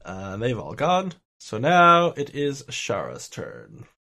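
A man narrating as game master of a tabletop game, explaining rules with a relaxed, chuckling manner. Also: mid-range voice, takes it slowly, gravelly, a little hiss or hum.

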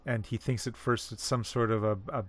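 A man in a casual literary discussion, explaining at a measured, careful pace and pausing to find his words. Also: medium pitch, fairly even intonation, dry recording. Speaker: discussion co-host.

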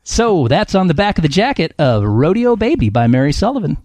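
A man's voice: sits high, big pitch swings, brisk, darkish tone, dry recording. A man hosting a comedy panel game, reading book blurbs aloud with playful, laughing, dramatic delivery. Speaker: host.

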